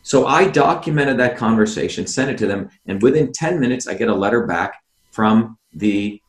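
A man's voice: fairly low pitch, expressive, moderate pace. Guy on a video call hammering his point, keeps saying the host's name, echoey room audio. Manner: insistent, keeps addressing the host by name, asks rhetorical questions. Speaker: interview guest, former candidate. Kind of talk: animated explanation on a video call.

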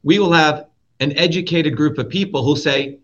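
A man from India, a guest in a heated interview, talking bluntly and forcefully, swearing and repeating his points. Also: fairly high pitch, moderate pace. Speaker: guest, presidential candidate. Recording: dull lo-fi audio.

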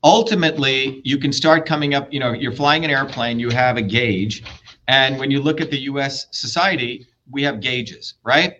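A man's voice: medium pitch, moderate pace, fairly bright tone, dull audio, a little hiss or hum. A man running for office, arguing bluntly and lecturing with profanity in a heated political debate. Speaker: political candidate.

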